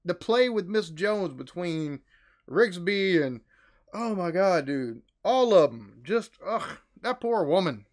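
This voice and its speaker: A man's voice: high-pitched, very animated, slow pace. An American man reacting to a sitcom episode, talking casually with exclamations and swearing. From United States. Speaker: reaction video host.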